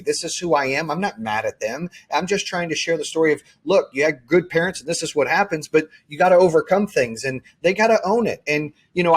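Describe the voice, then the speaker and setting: A man's voice: fairly high pitch, breathy edge. A man hosting a podcast, chatting casually and earnestly with frequent restarts. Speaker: podcast host. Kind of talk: casual interview chat.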